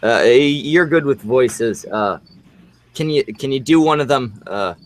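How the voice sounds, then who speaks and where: Halting male host, mid pitch, lots of ums. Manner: halting, filler-heavy. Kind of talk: casual chat.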